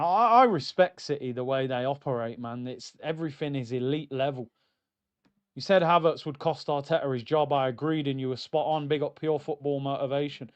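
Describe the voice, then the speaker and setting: A man's voice: on the high side, smooth, muffled recording. A man hosting a live football watchalong, ranting in exasperation and reading out chat messages. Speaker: host of a football watchalong stream.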